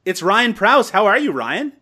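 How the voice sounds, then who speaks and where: A Canadian man hosts a comedy podcast with a fairly high voice. He swings his pitch widely and sounds bright and forceful. He teases the others in a deadpan, mock-serious way. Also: normal speed. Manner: joking, mock-serious teasing. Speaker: podcast host.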